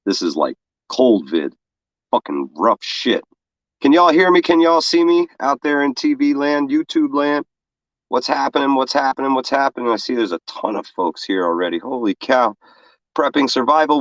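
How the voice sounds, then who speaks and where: Stuffed up with a cold, a co-host from New York greets livestream chat casually and swears loosely. His mid-range voice moves at normal speed through a remote feed from another room, with no room sound and the highs cut off.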